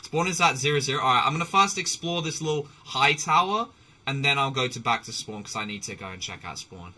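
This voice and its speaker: A man's voice: mid-range voice, animated, brisk, bright, forceful tone, a little hiss or hum. A man streaming live while playing a game, chatting in a rambling way with restarts, swearing and laughter. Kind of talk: casual live-stream chat while gaming.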